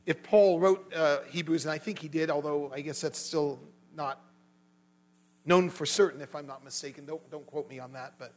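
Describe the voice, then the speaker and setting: Man, high voice, earnest lay sermon, animated retelling, faint mains hum behind. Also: normal speed, low-quality recording. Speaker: lay preacher. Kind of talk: sermon with personal testimony.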